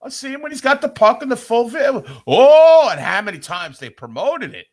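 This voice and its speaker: Older New York man, podcast co-host; grumpy ranter with a very lively pitch. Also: normal speed. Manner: grumpy ranting. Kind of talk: casual sports chat.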